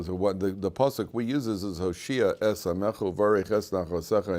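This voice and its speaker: A man's voice: low voice, darkish tone. An older man from the United States, a rabbi teaching a casual class to students, telling jokes, with many fillers and restarts as he goes. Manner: rambling, many fillers and restarts, joking storyteller. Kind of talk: informal Torah class with jokes.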